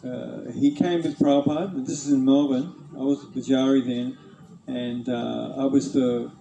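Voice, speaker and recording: A man hesitantly recalling cooking in a temple, with many pauses. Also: medium pitch, steady tone, gravelly, warm tone, lo-fi sound, a little hiss or hum. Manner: halting, many ums. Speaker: former temple cook. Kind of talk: hesitant reminiscence.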